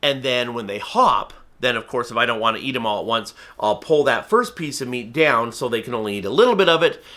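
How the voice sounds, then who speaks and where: Speaking to camera, a falconry instructor explains how to train a falcon to hop to the fist. His medium-pitched voice runs a little fast with few pauses, and he's energetic and emphatic, acting out the voices of both bird and viewer.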